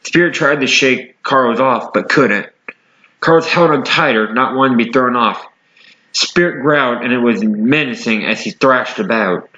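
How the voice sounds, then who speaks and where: A man's voice: medium pitch, moderate pace, bright, forceful tone, roomy sound. A man reading a homemade animal story aloud, in a plain way with small slips and self-corrections. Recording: dull lo-fi recording.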